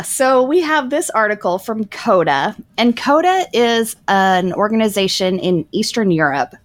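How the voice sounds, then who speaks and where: A woman co-hosts a podcast and explains things step by step in an easy, chatty way. Her voice sits on the low side. The sound is dry and close, with no room around it. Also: dry recording. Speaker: podcast co-host. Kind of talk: casual podcast discussion.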